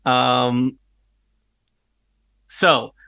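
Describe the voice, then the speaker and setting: A man with a gravelly, bright, forceful voice runs a tabletop game as game master. He narrates in a relaxed, meandering way, full of ums and uhs, and the sound is close and dry. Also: medium pitch, very slow, no room sound. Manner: relaxed, hesitant with many fillers.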